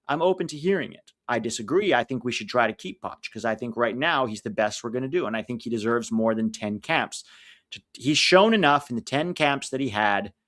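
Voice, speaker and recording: A man's voice: mid-range voice, fairly bright tone, no echo, clean studio sound. Chatty American man hosting a stream. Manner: chatty, reads out lineups and chat messages. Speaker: live stream host. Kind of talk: casual live watch-along chat.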